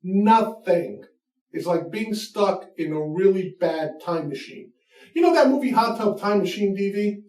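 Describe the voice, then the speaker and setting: A man's voice: high voice, animated, unhurried, darkish tone. Ranting, profane man in an echoey room. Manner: profane, mocking, emphatic. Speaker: comedy show host. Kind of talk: comedic rant. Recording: echoey room, mic far off.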